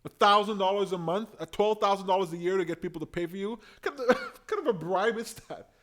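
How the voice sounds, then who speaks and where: A man hosting a live stream, giving opinionated, animated commentary and reading out viewer comments. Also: high-pitched, fast. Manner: opinionated, animated, talks to chat.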